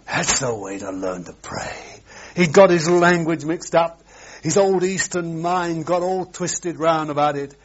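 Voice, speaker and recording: A man preaching a sermon, swinging between loud, emphatic exclamations and hushed asides. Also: on the high side, unhurried. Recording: dull lo-fi sermon recording.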